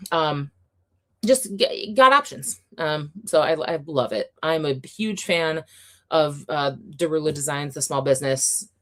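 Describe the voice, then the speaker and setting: A young adult woman hosting a livestream, chatting casually and excitably with viewers, with many fillers and frequent laughter. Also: lowish voice. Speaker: livestream host.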